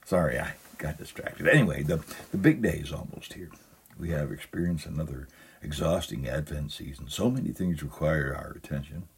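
Male pastor, very deep and gravelly-husky, storytelling sermon with a chuckle. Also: normal speed. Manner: humorous storytelling, chuckles at own jokes. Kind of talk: sermon with a humorous reading.

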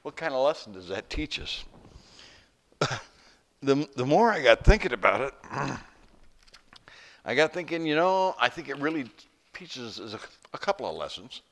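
A middle-aged pastor giving a folksy sermon, telling stories and asking rhetorical questions. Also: male voice, mid-range voice, big pitch swings, moderate pace, pauses often.

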